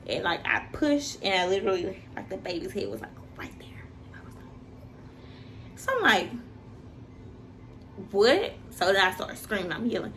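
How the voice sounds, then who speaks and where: A young woman telling a personal story in a casual, animated way, jumping high for quoted voices and dropping to a hush in tense moments. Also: normal speed, in a whisper. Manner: animated, acts out quoted voices with big pitch jumps.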